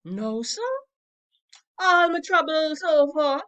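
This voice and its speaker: A woman voicing a sharp-tongued, scolding middle-aged mother as she reads a play aloud, loud and mocking. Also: high-pitched, lively intonation, slow pace, lo-fi sound, voice pushed up, full character voice. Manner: loud, mocking, dialect-heavy.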